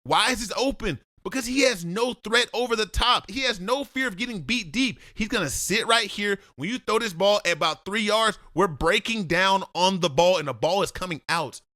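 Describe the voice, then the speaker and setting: High bright-voiced guy doing football film breakdown, blunt and lecturing, dry close mic. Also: lively intonation, normal speed, hardly any pauses, no room sound. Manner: blunt, lecturing, addresses the player directly.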